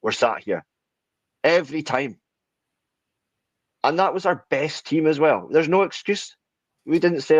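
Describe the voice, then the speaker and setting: A man's voice: fairly high pitch, animated, unhurried, pauses often, no echo, lo-fi sound. A man co-hosting a podcast, arguing his point with frustration. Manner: frustrated, argumentative. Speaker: podcast co-host. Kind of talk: casual chat.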